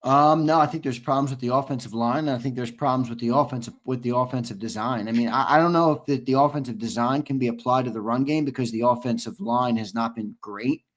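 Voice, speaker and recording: A man's voice: mid-range voice, quick pace, hardly any pauses. A young man co-hosting a sports talk show, arguing his points with restarts and emphatic punchlines. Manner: argumentative, restarts often, builds to emphatic punchlines. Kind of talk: casual sports debate.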